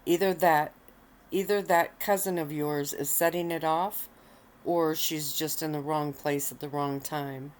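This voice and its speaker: A woman reading the lines of a stern male werewolf pack alpha, firm and measured, in a low voice. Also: steady tone. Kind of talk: read-aloud story.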